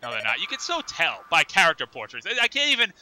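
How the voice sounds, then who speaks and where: A man's voice: on the high side, wildly swooping pitch, fast talker, sharp tone, slight background noise. A young man reading game dialogue aloud with sarcastic, jokey commentary in a let's play. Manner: sarcastic, jokey, mock voices for characters. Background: game music.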